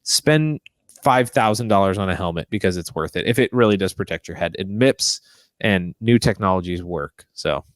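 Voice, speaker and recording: A young man hosting a casual podcast chat, animated and acting out what other people say. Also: sits low, moderate pace, no echo, clean studio sound. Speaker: podcast host.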